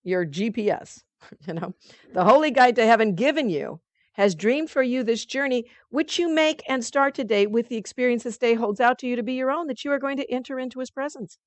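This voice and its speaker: A woman's voice: fairly high pitch, fairly quick, no echo. A woman leading a spiritual study group. She reads passages aloud and talks about them in a loose, conversational way with many fillers. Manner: reads passages aloud, then comments in a chatty way.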